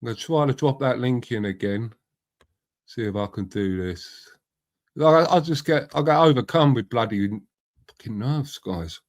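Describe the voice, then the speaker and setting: A middle-aged livestream host with a mid-range voice and lively intonation talks at a moderate pace. Chatty, matey and rambling, he swears freely, reads out comments and greets viewers by name.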